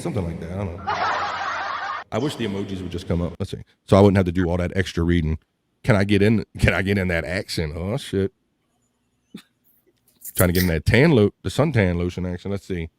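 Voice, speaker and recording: A man's voice: low-pitched, moderate pace, pauses often, dry recording, studio quality. A man hosting a casual livestream, joking loosely and reading viewer comments aloud. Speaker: livestream host.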